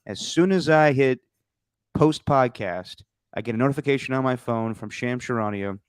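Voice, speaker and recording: A man's voice: mid-range voice, clear, resonant tone, no room sound. A man hosting a casual sports podcast, joking and bantering with his co-host. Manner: joking, quick banter, lively asides.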